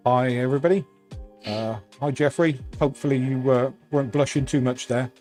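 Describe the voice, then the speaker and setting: Soft-spoken man helping run a stream. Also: medium pitch, fairly even intonation, a little fast, soft background music. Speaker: stream's production assistant. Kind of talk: casual greeting to viewers.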